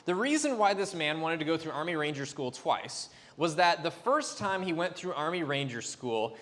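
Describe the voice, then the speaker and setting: A man's voice: on the high side, animated, moderate pace, fairly bright tone. A man preaching a sermon as a pastor, chatty and loose, with fillers and restarts. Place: church sanctuary. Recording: long reverb of a church hall.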